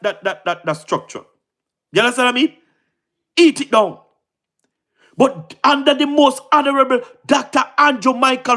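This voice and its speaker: With a high-pitched, fairly bright voice, this Jamaican-accented political commentator delivers a loose, impassioned monologue that keeps repeating itself. Patois and standard English mix throughout, and the speaker checks in with the listener again and again.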